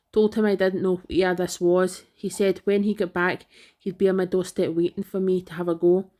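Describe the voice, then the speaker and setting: A woman reading out online comments in a flat, even delivery. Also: fairly low pitch.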